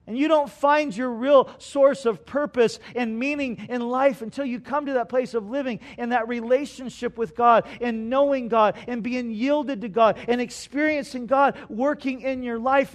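A pastor preaches a sermon in an extremely high-pitched voice, reading scripture aloud and earnestly explaining it. He swings between loud stresses and hushed asides.

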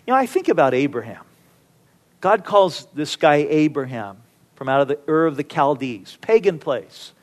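A man with a notably high speaking voice delivers a sermon. He tells the story in a relaxed, conversational way and slips into playful character voices. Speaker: pastor.

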